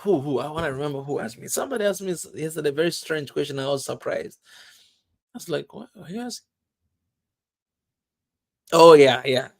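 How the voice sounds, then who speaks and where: A man's voice: fairly high pitch, fast talker. A man from Tanzania, talking to his viewers in a casual vlog, emphatic and full of "man" and laughter. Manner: emphatic, keeps saying "man", laughs often. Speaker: vlogger.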